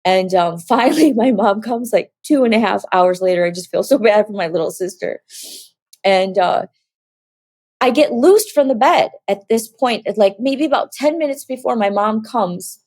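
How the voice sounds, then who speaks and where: A woman's voice: medium pitch, moderate pace, darkish tone, no room sound. Woman telling a vivid faith testimony, dry sound. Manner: vivid storytelling that acts out quoted voices; emotional, close to tears at times. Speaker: former model giving a faith testimony. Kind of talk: personal testimony storytelling.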